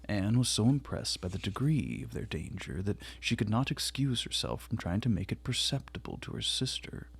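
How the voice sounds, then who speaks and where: A man reads a classic novel aloud at a measured, quiet pace. His voice sits low, with a gravelly fry and a husky, breathy texture. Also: expressive. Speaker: audiobook reader.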